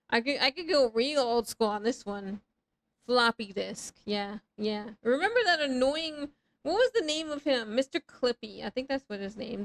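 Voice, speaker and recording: A woman's voice: fairly high pitch, fairly bright tone, poor audio. A woman in her thirties chatting casually with her live chat while playing a game, rambling and swearing freely in self-mocking banter. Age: 30s. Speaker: streamer.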